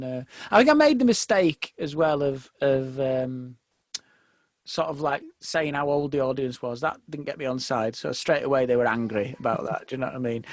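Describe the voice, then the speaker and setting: A male comedian guest on a podcast, telling rambling anecdotes with laughs and quick impressions. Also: medium pitch, no echo. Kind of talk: casual podcast chat, comic storytelling.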